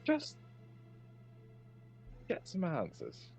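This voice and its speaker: A man's voice: sits high, wildly swooping pitch, extremely slow, gravelly, darkish tone. A man playing a tabletop game, mischievous and pushy with his ideas. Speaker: player. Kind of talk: casual tabletop play. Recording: dull lo-fi mic with faint music.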